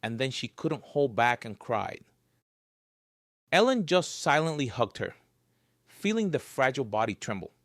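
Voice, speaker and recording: A man narrating a scripted story in a lively, varied storytelling voice. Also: medium pitch, measured pace, long pauses, no echo, clean studio sound.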